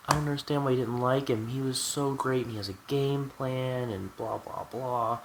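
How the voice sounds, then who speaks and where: A man's voice: medium pitch, fairly even intonation, normal speed, slight background noise, voice pushed up, natural voice. A man imitating his puzzled, doting mother, who protests in a plaintive way.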